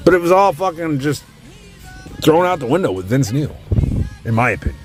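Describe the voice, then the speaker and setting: A man's voice: on the high side, very animated, brisk, a little mellow. Foul-mouthed man ranting about music. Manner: profane, opinionated, ranting. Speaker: host. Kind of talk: casual ranking rant.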